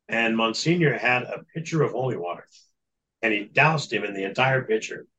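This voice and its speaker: A man's voice: mid-range voice, expressive, normal speed, bright, forceful tone, muffled recording. A man speaking as a guest in an interview, telling a long story in an earnest, matter-of-fact way. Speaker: guest recounting exorcism experience.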